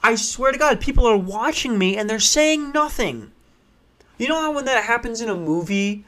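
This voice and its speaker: Profane, animated male storyteller. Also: high voice. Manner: profane, animated, acts out voices, rushes when excited. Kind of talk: casual comic storytelling.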